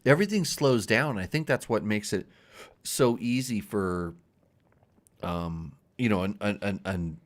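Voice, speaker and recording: A man's voice: fairly low pitch, animated, a little slow. A man hosting a casual podcast chat, rambling and restarting words as he talks. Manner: rambling, repeats words, laughs often. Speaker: show host.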